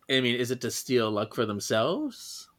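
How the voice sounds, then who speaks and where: A man hosting a podcast in casual chat, chatty and quick to laugh as he leads each segment. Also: mid-range voice, a bit bright. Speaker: podcast host.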